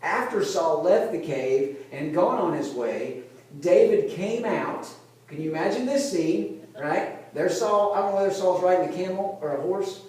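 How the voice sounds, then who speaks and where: A male pastor preaching a conversational sermon, retelling a Bible story like a lively storyteller who keeps checking in with his listeners. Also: high voice, normal speed. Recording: very echoey room, voice from a distance.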